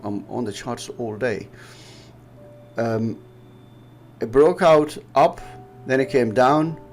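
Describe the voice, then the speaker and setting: Man, Pakistani English accent, mid-range voice with some fry, rambling explainer who often laughs. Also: mid-range voice. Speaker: trading educator. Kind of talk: casual chart-analysis chat.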